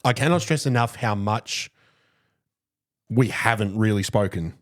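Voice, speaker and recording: A man's voice: on the low side, measured pace. A young man hosting a podcast, talking in a chatty, reflective way. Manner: chatty, reflective, frequent "obviously" and "look". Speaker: podcast host. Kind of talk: casual chat.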